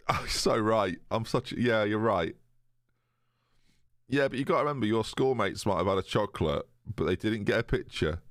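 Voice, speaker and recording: Chatty man, lively swinging pitch. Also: no room sound, clean studio sound. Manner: chatty, jokey, reads chat aloud. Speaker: streamer. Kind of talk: casual live-stream chat with viewers.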